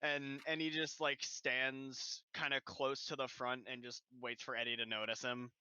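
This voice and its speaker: A man playing a tabletop game, narrating his character's moves in a halting, drawn-out way. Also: medium pitch, little pitch movement, sharp tone, clear, resonant tone, no echo. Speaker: player.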